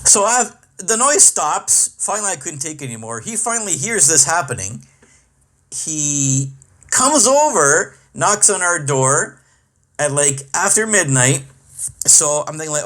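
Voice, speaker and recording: A man's voice: a little high, animated, moderate pace, bright, forceful tone. A middle-aged man hosting a podcast, ranting in a profane, exasperated comic monologue. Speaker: podcast host and comedian.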